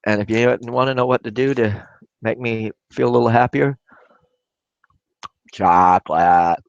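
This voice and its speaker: Man, raspy from a cough, casual live-stream chat, rambling, dry lo-fi recording. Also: medium pitch, steady tone, a little fast, no room sound. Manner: rambling, talks to viewers while working. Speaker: glass artist streaming live.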